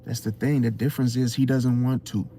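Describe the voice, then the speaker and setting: A man's voice: medium pitch, level tone, brisk, creaky, mellow, slight background noise. A man hosting an astrology channel, giving an unscripted motivational talk full of rhetorical questions and repeated "see?". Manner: preachy, rhetorical questions, keeps saying "see?".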